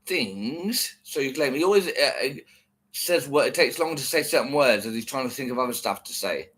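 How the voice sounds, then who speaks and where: A man's voice: medium pitch, fairly quick. A man vlogging, commenting on a clip in a profane, mocking, rambling way. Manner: mocking, sweary, animated.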